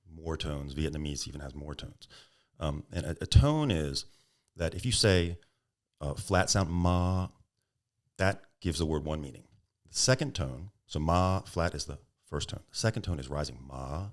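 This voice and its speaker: Deep-voiced man telling animated stories. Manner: animated anecdotes, acts out quoted voices, laughs. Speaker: podcast guest, entrepreneur. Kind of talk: storytelling interview answers.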